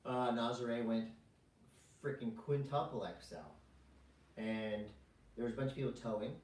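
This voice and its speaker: A man's voice: medium pitch, unhurried, far from the mic. Podcast co-host, male, rambling and jokey, recorded a bit off-mic in a roomy space. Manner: jokey, rambling, deadpan asides. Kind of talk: casual chat.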